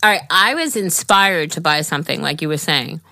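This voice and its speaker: A middle-aged woman co-hosts a podcast and chats along in a laid-back, rambling way. Her voice sits lowish but sounds bright and forceful. The recording is dry and close, with no room echo. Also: brisk, vocal fry. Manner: relaxed, rambling, talks with mouth full. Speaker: podcast co-host. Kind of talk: casual chat.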